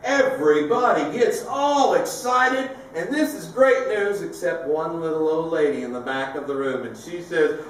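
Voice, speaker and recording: A man tells jokes in an animated, story-spinning way, laughing at his own punchlines. His voice sits a little high. It echoes heavily through a big hall, picked up from far off. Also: moderate pace, few pauses. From south Louisiana. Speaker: preacher telling jokes. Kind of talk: comedic storytelling to a live audience.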